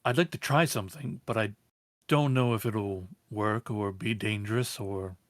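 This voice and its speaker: A man's voice: lowish voice, normal speed, no echo, clean studio sound. Hesitant man at a game table. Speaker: player. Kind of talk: casual tabletop play.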